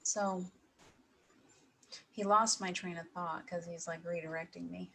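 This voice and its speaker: A woman's voice: lowish voice, fairly even intonation, creaky, husky, low-quality recording. Emotional woman speaking to an audience. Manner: emotional, pausing, with soft laughs. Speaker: speaker at an evening talk. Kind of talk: heartfelt personal talk to an audience.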